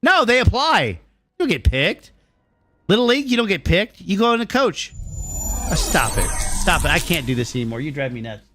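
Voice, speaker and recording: A man's voice: on the high side, lively intonation, normal speed, fairly bright tone, faint music behind. A middle-aged man streaming a game and answering his chat, ranting bluntly and swearing freely. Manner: blunt, profane, riled-up ranting.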